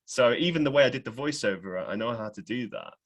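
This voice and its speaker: A man's voice: medium pitch, expressive, fast talker. A man hosting a podcast, talking casually and frankly, with a slightly irritated, ranting manner. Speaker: podcast host.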